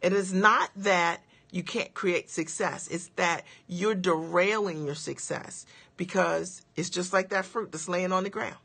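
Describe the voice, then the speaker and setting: Gravelly, bright-voiced woman coaching. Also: on the low side. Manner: emphatic, checks in with the audience after each point; asks rapid rhetorical questions. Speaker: business coach. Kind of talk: motivational coaching livestream.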